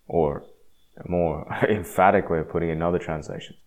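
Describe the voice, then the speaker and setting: A man giving a casual, rambling talk on faith, often restarting his sentences and swinging from quiet to emphatic. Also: low-pitched, fairly even intonation, fairly quick. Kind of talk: casual religious monologue.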